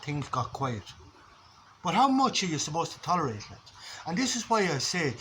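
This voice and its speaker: A man's voice: fairly high pitch, fairly bright tone, slight background noise, poor audio. An Irish man giving a blunt, rambling philosophical monologue, swearing freely as a vlogger.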